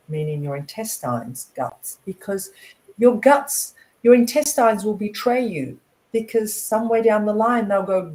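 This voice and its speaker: A woman hosting a casual online chat, her pitch swinging up and down as she tells things. She speaks slowly and draws out words for emphasis, and she laughs easily. The sound is from a video call. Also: rough recording. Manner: animated, laughs often, stretches words for emphasis. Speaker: co-host of an online talk show.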